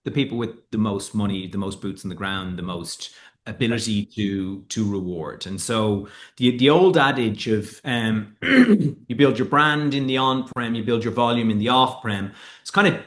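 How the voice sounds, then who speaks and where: A man, a whiskey founder telling lively stories in a casual interview and swearing freely. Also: fairly low pitch, moderate pace.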